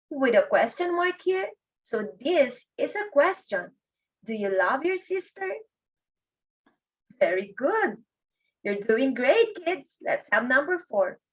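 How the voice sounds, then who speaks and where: A first-grade teacher, a woman with a slightly high voice, leads a slow classroom lesson for children. She speaks patiently, drawing out her words and often addressing the kids directly. The recording is dull and lo-fi.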